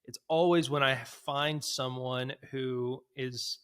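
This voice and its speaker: A man's voice: mid-range voice, fairly even intonation, slow pace, fairly bright tone, clear, resonant tone. Reflective male podcast host. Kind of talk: casual interview chat.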